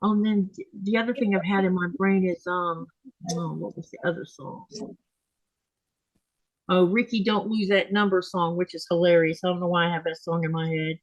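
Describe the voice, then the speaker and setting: A woman's voice: fairly low pitch, level tone, fairly quick, no room sound, highs cut off. A woman hosting a live sewing stream, tired and yawning, chatting casually as she reads viewer comments aloud and answers them.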